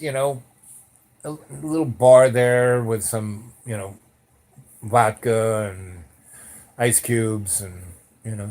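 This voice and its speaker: A man telling a personal story in a casual, rambling way, full of "you know" and "like" fillers. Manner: lively shifts in pitch and loudness while telling. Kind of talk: casual spoken anecdote.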